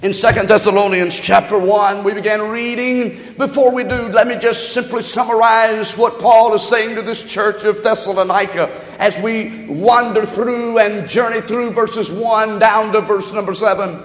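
A man preaching a sermon as pastor, reading scripture and calling on the congregation, with slowed, shouted emphasis on key words. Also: sits high, fairly even intonation. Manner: calls to the congregation for amens and note-taking. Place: church sanctuary. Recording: echoey hall, long reverb.

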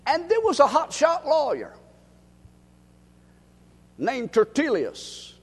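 A preacher with a high, lively voice that swings widely in pitch, calling on the congregation to answer him. His shouts ring out into the long reverb of a big hall. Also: takes it slowly, creaky, long pauses. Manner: call-and-response, bursts into shouting. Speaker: preacher teaching Bible study. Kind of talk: animated sermon.

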